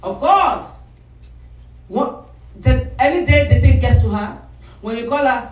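A woman's voice: on the high side, animated, a little slow, far from the mic. Fiery woman preacher in an echoey hall. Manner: emphatic, rising to shouts, call-and-response. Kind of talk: sermon.

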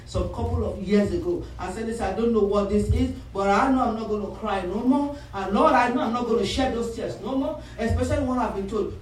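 A woman's voice: medium pitch, distant mic, slight background noise. Fiery woman preacher in an echoey hall. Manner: emphatic, rising to shouts, call-and-response. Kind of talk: sermon.

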